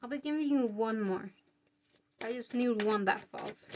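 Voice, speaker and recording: A woman's voice: on the high side, unhurried, a little hiss or hum. A young woman giving a casual tarot reading to her viewers, chatty and informal with many fillers. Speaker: tarot reader.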